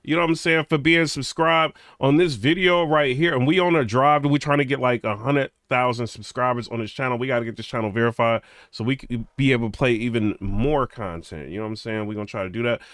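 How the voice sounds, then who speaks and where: A man's voice: mid-range voice, a little fast, few pauses, a bit bright, no echo, studio quality. A man hosting a reaction channel, talking loose and slangy and joking between clips. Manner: loose, joking, slangy, full of put-on quotes. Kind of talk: casual reaction commentary.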